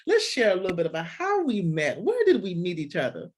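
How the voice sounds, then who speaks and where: A woman's voice: fairly low pitch, huge pitch swings, brisk, breathy edge. A woman hosting a faith-based podcast interview, effusive and full of restarts. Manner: warm, effusive, with frequent restarts. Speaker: podcast host.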